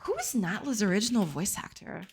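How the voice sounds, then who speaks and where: A woman's voice: mid-range voice, big pitch swings, brisk, a little mellow, breathy edge. A woman whose first language is Portuguese, chatting casually on a game dev live stream, giggling and answering chat.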